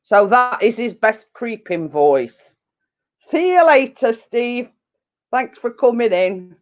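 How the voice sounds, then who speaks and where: A middle-aged woman chats slowly and unhurriedly on a home live stream, rambling from one thing to the next with fillers and little giggles. The sound is dull and lo-fi, like a cheap home setup. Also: fairly high pitch, lively intonation. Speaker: channel host on a live stream. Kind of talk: casual live-stream chat. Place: living room at home.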